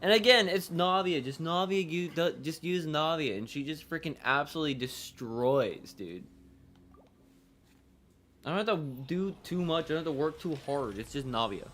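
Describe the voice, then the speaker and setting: A man's voice: a little high, animated, normal speed, fairly bright tone, slight background noise. Rambling man narrating his gameplay. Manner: rambling, repetitive, with casual swearing. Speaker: gaming streamer. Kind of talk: casual gameplay commentary.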